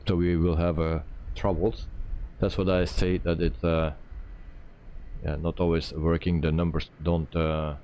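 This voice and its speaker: Man, very low voice, faint background hum, casual stream talk, many fillers. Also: highs cut off. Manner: relaxed, thinking aloud with many "uh" pauses. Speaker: flight sim streamer. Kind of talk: live-stream commentary.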